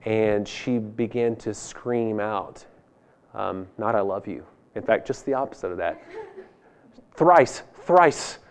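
A man in his thirties preaching, telling a funny personal story that swings between loud and hushed delivery. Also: medium pitch, clear, resonant tone. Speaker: pastor. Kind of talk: sermon. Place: church hall.

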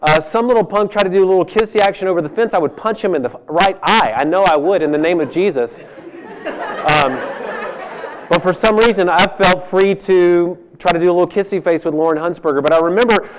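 A man in his thirties preaching, telling a funny personal story that swings between loud and hushed delivery. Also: high voice, a little fast, crowd noise. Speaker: pastor. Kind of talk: sermon. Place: church hall.

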